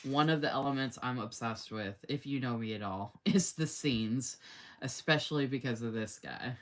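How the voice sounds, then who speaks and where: A very deep-voiced woman talks at normal speed while hosting a live sticker showcase. Full of gushing enthusiasm for planner stickers, she reads viewer comments aloud on the casual stream and often says "oh my gosh."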